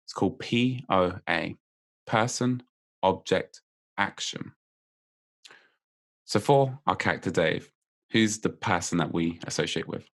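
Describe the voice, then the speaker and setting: Male guest, memory coach, slightly low voice, upbeat and playful, laughs through his explanations. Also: unhurried, gravelly, pauses often. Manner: lively and playful, laughs often while explaining. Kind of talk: explaining memory techniques in casual chat.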